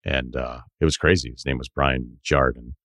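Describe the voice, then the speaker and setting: A man in his forties hosting a podcast, telling rambling stories in casual chat with swearing and animated asides. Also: extremely low pitch, moderate pace, dry recording, clean studio sound. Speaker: podcast host.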